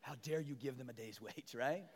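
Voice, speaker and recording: A male pastor preaching a sermon to his church, animated and building to loud, emphatic peaks as he calls out to the congregation. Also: medium pitch, moderate pace, slight background noise. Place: large church sanctuary. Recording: long church hall reverb.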